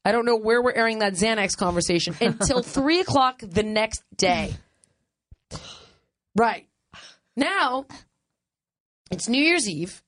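A woman host telling a funny travel story in casual chat, animated and laughing often, acting out other people's lines. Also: a little high, a little slow, long pauses.

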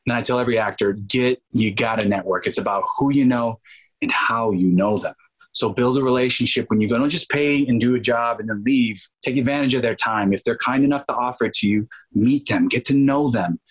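A man in his thirties, an actor interviewed as a guest, telling stories in an animated way and acting out quotes. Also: on the low side, husky, rough recording. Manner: animated, acts out quotes in changed voices, laughs often. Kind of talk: casual storytelling interview.

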